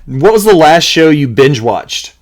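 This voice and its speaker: Male podcast host, easygoing, quick to laugh. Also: on the high side, sing-song. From Nashville. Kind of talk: casual interview chat.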